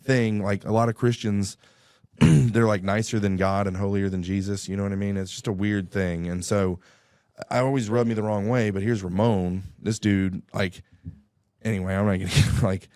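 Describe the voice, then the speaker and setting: A man's voice: on the low side, steady tone, moderate pace, darkish tone, no room sound, studio quality. A man telling a personal story on a radio show in a casual, rambling way. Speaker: guest. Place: radio studio.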